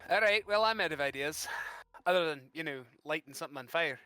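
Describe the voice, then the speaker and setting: Lively, bright-voiced joking man. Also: on the high side, fast talker, smooth, no room sound, low-quality recording. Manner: joking, animated. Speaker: player. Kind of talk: casual tabletop game chat.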